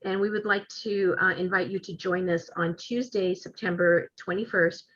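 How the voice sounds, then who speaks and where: A woman's voice: fairly low pitch, fairly even intonation, normal speed, fairly bright tone, highs cut off. A woman hosting a webinar speaker series who thanks the speakers and makes announcements over a video call, with frequent "um"s.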